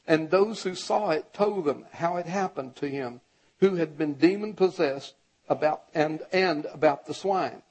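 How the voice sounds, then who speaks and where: A male pastor preaching a sermon, reading scripture aloud and urging the congregation, his voice rising to a shout when he exhorts them. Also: a little high, unhurried, slightly rough, poor audio.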